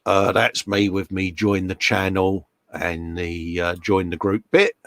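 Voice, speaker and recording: A man's voice: low-pitched, level tone, measured pace, a bit bright, no room sound, clean studio sound. A man hosting a casual live chat from his workshop, laughing often and reading out viewer comments. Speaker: host. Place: home workshop.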